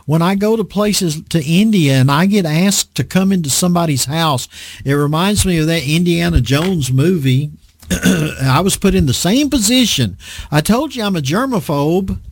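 A man's voice: fairly high pitch, moderate pace, breathy edge, dry recording, studio quality. A man preaching a conversational sermon, teaching a Bible lesson and asking his listeners rhetorical questions. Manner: animated, asks the audience rhetorical questions.

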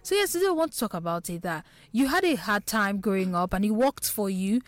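A woman's voice: medium pitch, animated, fairly quick, no echo. Bubbly young Nigerian radio host woman. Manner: bubbly, playful, hyping up guests. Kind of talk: lively radio show chat. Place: radio studio.

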